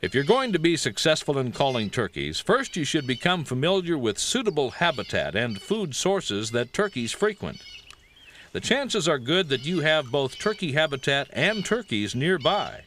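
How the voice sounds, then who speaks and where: A man giving scripted, measured narration for an outdoor wildlife video. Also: a little high, very animated, fairly bright tone, a little hiss or hum.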